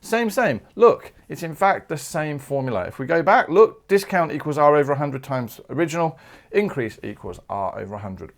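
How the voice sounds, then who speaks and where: A man's voice: on the high side, expressive, normal speed. A man from the United Kingdom teaching a video maths lesson in an upbeat, chatty way with playful asides.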